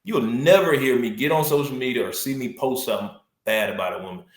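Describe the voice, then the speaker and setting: A man's voice: medium pitch, fast, reverberant. A man speaking as a podcast guest, earnest and emphatic in casual conversation. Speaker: podcast guest, school assistant principal.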